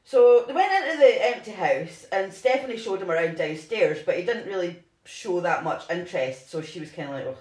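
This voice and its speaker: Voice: medium pitch, expressive, fairly quick, few pauses, a little mellow. A co-host casually retelling a true-crime story, rambling with lots of "like" and restarts. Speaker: podcast co-host. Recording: roomy echo.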